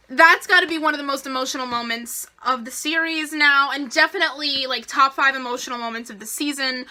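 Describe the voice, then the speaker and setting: A woman reviewing a TV episode in a casual vlog, gushing and emotional, rambling excitedly. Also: sits high, moderate pace, few pauses.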